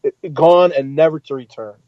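A man's voice: on the high side, fairly quick, no room sound, lo-fi sound. A man and military veteran in a casual chat, blunt and emphatic, swearing at times. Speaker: podcast co-host, military veteran.

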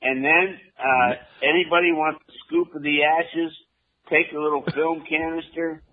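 A man co-hosting a radio show, telling stories in a slow, drawn-out way with many fillers. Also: a little high, fairly even intonation. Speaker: radio co-host. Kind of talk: casual radio chat. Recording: tinny phone-like radio line.

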